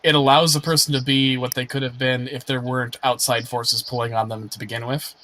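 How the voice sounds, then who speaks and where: A man's voice: medium pitch, little pitch movement, a little fast, fairly bright tone, poor audio. A man who is the game master, chatting casually about a tabletop session and explaining his characters. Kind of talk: casual post-session chat.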